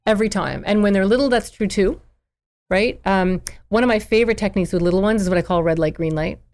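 A woman child therapist in a podcast interview, explaining parenting in an animated way and acting out parents and children. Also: medium pitch, fast.

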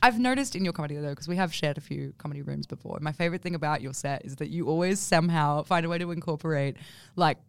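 A woman's voice: low-pitched, quick pace, creaky, clear, resonant tone, dry recording. A woman co-hosting a podcast, chatting with enthusiasm and telling stories. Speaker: podcast co-host. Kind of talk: casual chat.

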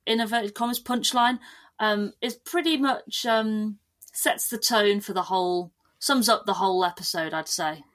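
A woman guest on a podcast, chatting casually in a lively, animated way with frequent restarts. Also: medium pitch, moderate pace. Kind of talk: casual chat.

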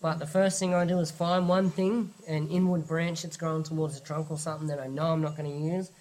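Animated podcast host, man. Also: on the high side, a little fast. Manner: animated, thinks aloud through examples. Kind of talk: casual podcast chat.

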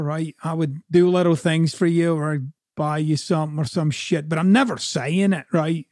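A man's voice: a little high, a little mellow, dry recording, clean studio sound. A man from Scotland with a Scottish accent, a coach giving a blunt, profane, conversational motivational talk.

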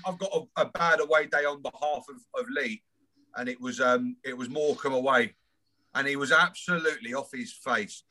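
A man's voice: mid-range voice, bright, forceful tone. A man hosting a casual football podcast, rambling and chuckling through his stories. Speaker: podcast host. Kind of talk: casual chat.

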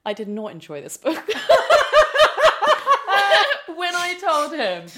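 A woman's voice: high voice, big pitch swings, normal speed, heavy background noise. A woman, chatting about books in a self-deprecating, laughing way. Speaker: guest. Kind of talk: casual chat about books.

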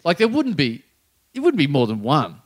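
A man, a podcast co-host who trades quick jokes and laughs often. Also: fairly high pitch, wildly swooping pitch. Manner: quick jokey banter, frequent laughs. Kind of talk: casual comedy podcast chat.

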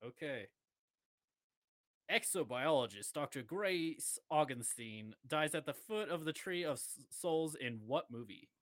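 Joking guy on podcast, mid voice, lively, laughs lots, dry mic. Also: fairly high pitch, a little slow, no echo. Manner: teasing, laughs a lot. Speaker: podcast co-host. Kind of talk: casual podcast chat.

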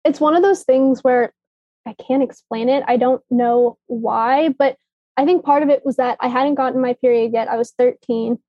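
A woman's voice: high-pitched, steady tone, moderate pace, dry recording. A young woman casually telling her own health story, matter-of-fact, with many likes. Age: young adult. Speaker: guest, daughter. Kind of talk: personal storytelling. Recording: dull, dry sound.

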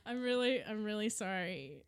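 A woman's voice: mid-range voice, expressive, moderate pace, smooth. A woman co-hosting a podcast in a casual, giggly, teasing chat. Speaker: podcast co-host.

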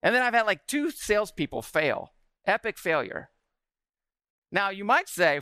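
A man in his forties giving an energetic talk to a live audience, often asking the room questions. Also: high voice, a little slow, smooth, dry recording.

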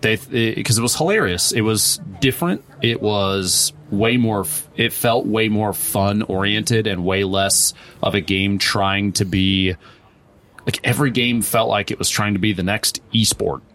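A man's voice: fairly low pitch, unhurried, a bit bright. A man, a pro streamer, giving a long, rambling interview answer with many restarts and quoted asides. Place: event venue.

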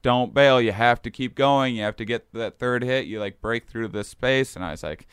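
A young man, a podcast guest, telling a story in casual chat, animated and laughing often as he acts out the voices of people in it. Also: mid-range voice, normal speed, clear, resonant tone, no echo, clean studio sound.

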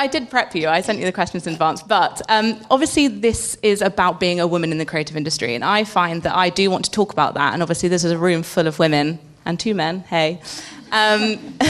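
Chatty woman hosting a podcast panel. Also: medium pitch. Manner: chatty, laughs between questions. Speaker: podcast host. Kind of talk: live panel podcast chat.

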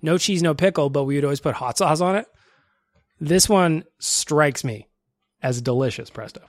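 A man's voice: a little high, moderate pace, no room sound, clean studio sound. A young male podcast host chatting casually and enthusiastically, with self-deprecating humor.

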